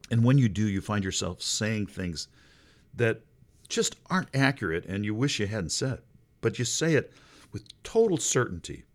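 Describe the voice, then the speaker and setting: Expressive and wry, a middle-aged male pastor gives a sermon, emphasizing points with sudden jumps in pitch.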